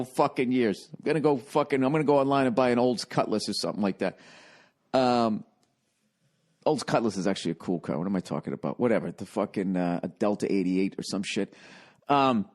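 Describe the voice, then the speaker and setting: Middle-aged male podcaster, swears freely, rambling animated storyteller. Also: medium pitch. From United States. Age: 40s. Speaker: podcast host. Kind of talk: casual comedic monologue.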